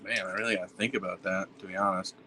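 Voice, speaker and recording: A man's voice: low voice, fairly even intonation, very fast, sharp tone, a little hiss or hum, low-quality recording. A man from Pennsylvania, a podcast guest, telling stories in a laid-back, blunt and profane way. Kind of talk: casual storytelling chat.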